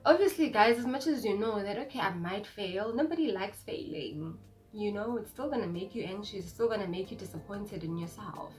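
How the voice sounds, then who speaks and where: A woman's voice: medium pitch, fairly quick. A young woman in her twenties with a South African, Zulu-inflected accent, telling a personal story in a casual, chatty vlog and acting out the people in it. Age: 20s. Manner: chatty, animated, code-switching with acted quotes. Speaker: vlogger.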